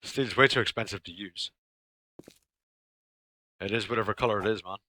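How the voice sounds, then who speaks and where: A man's voice: lowish voice, moderate pace. A man casually commenting while he plays a survival game, muttering to himself and humming between remarks. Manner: talks to himself, mutters and hums. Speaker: gamer. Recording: noisy game audio behind.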